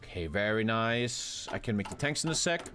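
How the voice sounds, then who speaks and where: Animated German-accented streamer. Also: male voice, lowish voice, moderate pace, faint music behind. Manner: profane, rambling, bro-talk. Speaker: game streamer. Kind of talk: casual live gaming commentary.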